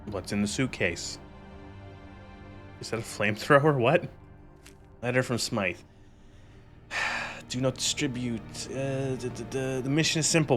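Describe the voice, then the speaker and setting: A man's voice: medium pitch, unhurried, long pauses, a bit bright, soft background music. A man streaming a game and commenting casually, rambling, laughing often and swearing.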